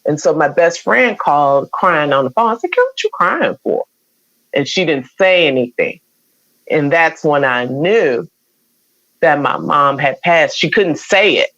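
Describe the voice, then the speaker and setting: Her low voice is expressive, unhurried and fairly bright in tone. A radio program director on an interview show, she tells a personal story in a candid, conversational way, quoting many exchanges, over a dull, dry recording.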